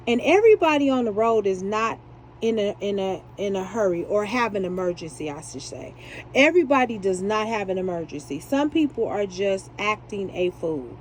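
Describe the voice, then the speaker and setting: A woman's voice: mid-range voice, a little mellow, a little hiss or hum, rough recording. A woman chatting casually while she makes beaded jewelry and laughs at herself. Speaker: jewelry maker. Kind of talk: casual chat while beading.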